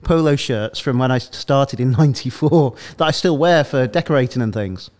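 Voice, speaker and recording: A man's voice: mid-range voice, normal speed, darkish tone. A middle-aged man from England, co-hosting a casual chat stream, jokey and laughing often. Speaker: podcast co-host. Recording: live stream with clear background noise.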